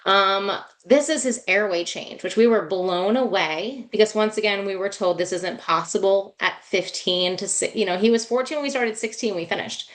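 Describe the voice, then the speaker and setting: A woman's voice: medium pitch, normal speed, hardly any pauses. Woman, dentist, webinar talk, heartfelt, emotional, restarts, video call. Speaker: dentist and guest speaker.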